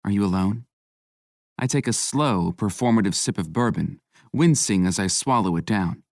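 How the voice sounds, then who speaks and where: A man narrating a romance audiobook in a low, intimate, measured voice. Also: lively intonation, gravelly, darkish tone, no room sound. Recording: dry close studio mic.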